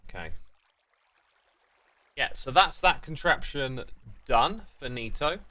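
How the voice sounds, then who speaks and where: A man's voice: mid-range voice, big pitch swings, slow, bright, forceful tone. A British man streaming a game, thinking aloud and chatting with his viewers in a casual way. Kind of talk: casual livestream commentary.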